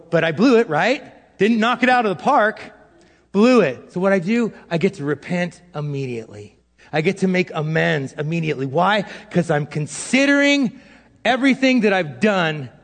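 A middle-aged male pastor giving a sermon in a casual, self-deprecating way, swinging between loud and hushed. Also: a little high, vocal fry. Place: church hall. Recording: long hall reverb.

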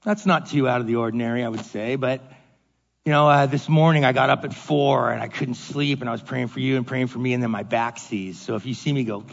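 A middle-aged male pastor giving a casual, storytelling sermon, animated and self-deprecating, acting out the voices in his stories. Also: medium pitch, fairly quick, vocal fry. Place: church sanctuary. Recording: dull echoey hall recording.

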